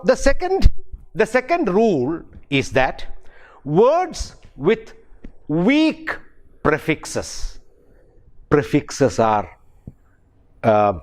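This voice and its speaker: A man with an Indian English accent, a professor giving a pronunciation lecture, speaking deliberately and repeating example words to show stress. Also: mid-range voice.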